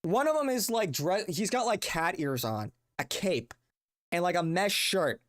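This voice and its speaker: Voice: mid-range voice, lively intonation, a little slow. A young adult streamer ranting casually, profane, exasperated and rambling. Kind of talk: casual livestream rant.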